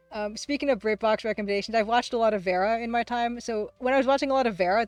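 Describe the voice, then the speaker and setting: A woman hosting a casual livestream, who talks fast, rambles through chat replies, laughs often and pokes fun at herself. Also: medium pitch, no echo. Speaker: livestream host and game artist.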